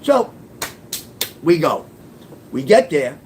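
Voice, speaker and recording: Profane, animated New storyteller man. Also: a little high, slow, slight background noise. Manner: profane, animated, punchy street talk. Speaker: storyteller and author. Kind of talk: casual spoken storytelling.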